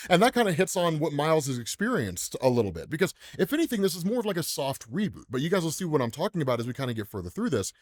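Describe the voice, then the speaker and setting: An American comics commentary host chats casually, laughing often and constantly tacking "right?" onto his sentences. His voice is a little high with big pitch swings, and he talks fast with few pauses.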